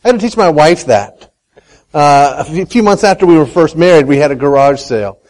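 A man speaks to a live audience in a bright, lively way, with a higher voice that swoops up and down. He keeps turning questions back on his listeners and tells a homespun story. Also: brisk, rough recording. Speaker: speaker on Christian economics.

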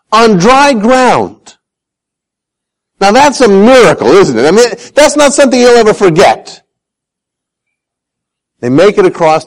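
A man's voice: high-pitched, poor audio. A man preaching a sermon, telling Bible stories with self-deprecating humor and acting out the voices he quotes. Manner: animated, acts out quoted voices.

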